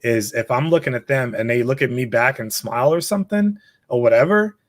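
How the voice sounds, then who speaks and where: A man's voice: medium pitch, lively intonation, brisk, no room sound. Easygoing laughing male podcast guest, dry sound. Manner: easygoing, laughs often, frank. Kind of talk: casual podcast chat.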